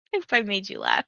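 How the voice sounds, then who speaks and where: A woman's voice: mid-range voice, vocal fry, bright, forceful tone, no echo. A tired woman hosts a cozy reading stream and chats loosely, with filler words everywhere as she thinks aloud. Her voice sits in a middle range. The sound is dry and slightly muffled, like a home mic. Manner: chatty and rambling, heavy use of "like"; reads viewer chat comments aloud. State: tired and yawning. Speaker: readathon livestream host. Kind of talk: casual livestream chat.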